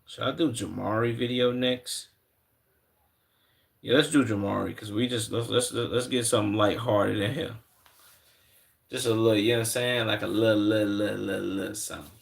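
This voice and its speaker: A man's voice: on the low side, steady tone, moderate pace, gravelly. A young man streaming live, reacting to videos and talking loosely with his chat in heavy slang. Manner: loose slangy talk, greets chat viewers.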